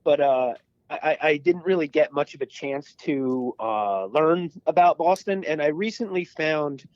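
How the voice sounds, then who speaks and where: Man, podcast co-host, casual storytelling chat, higher voice, muffled dry recording. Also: animated, a little slow, no echo. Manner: swearing, storytelling.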